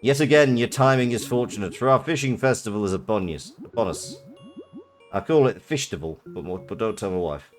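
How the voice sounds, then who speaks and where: A man's voice: on the low side, lively intonation, a little fast, faint music behind, lightly acted. A man doing a hearty northern fisherman. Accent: northern English. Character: jolly middle-aged male village fisherman.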